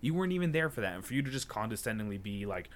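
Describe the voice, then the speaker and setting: A man's voice: lowish voice, very animated, very fast. A young man telling a heated, profane story in a casual podcast chat, acting out his own angry retorts. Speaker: podcast co-host.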